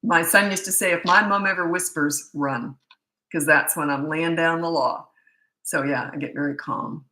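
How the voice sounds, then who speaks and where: A woman's voice: low-pitched, fairly even intonation, normal speed, bright, forceful tone, roomy sound, low-quality recording. A middle-aged woman, a parenting coach, answering viewer questions in a blunt, candid and chatty way.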